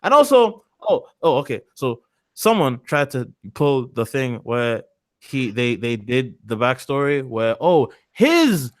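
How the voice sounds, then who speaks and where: A man's voice: medium pitch, big pitch swings, takes it slowly, no echo. A man co-hosting a casual stream chat, rambling and mocking, often tripping over his own restarts. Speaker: stream co-host.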